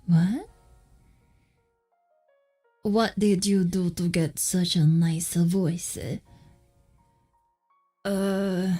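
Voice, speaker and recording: A woman's voice: on the low side, fairly even intonation, drawn-out words, long pauses, dark tone, faint music behind. A woman casually chatting while she draws, rambling and muttering asides as she answers questions from chat. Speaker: streamer drawing while chatting.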